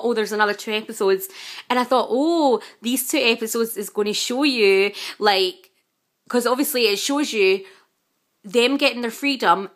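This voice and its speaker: Chatty woman gushing about TV. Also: on the high side. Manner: chatty and excitable, self-described chatterbox; gushing, exasperated outbursts with frequent fillers. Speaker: vlogger reviewing a TV series. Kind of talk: casual chat.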